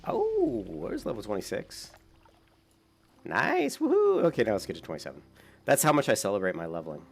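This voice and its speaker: A man's voice: low voice, sing-song, very fast. A man giving casual, rambling commentary while playing an online game, with many fillers. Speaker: gaming YouTuber.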